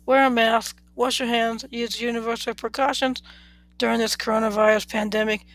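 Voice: mid-range voice, no echo, poor audio. Storyteller reading in a dry, close voice. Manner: unhurried, even reading with small slips. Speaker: podcast storyteller. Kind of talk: plain read-aloud narration.

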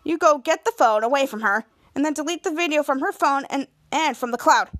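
A woman's voice: high-pitched, a little fast, a bit bright, dry recording, studio quality. A woman voicing a smart, anxious teenage girl, quoting her lines with worry. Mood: worried.

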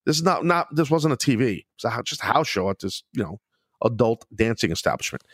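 A middle-aged man hosting a podcast, telling wrestling stories in a loose, profane, animated way, laughing often. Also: mid-range voice, quick pace, dry recording, studio quality. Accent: New York. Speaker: podcast host, former wrestler. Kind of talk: casual storytelling chat.

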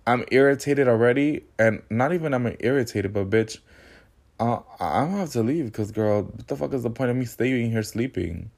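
A man's voice: medium pitch, moderate pace, gravelly, a little mellow. A man hosting a podcast, telling a personal story in a sassy, candid and slangy casual monologue. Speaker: podcast host.

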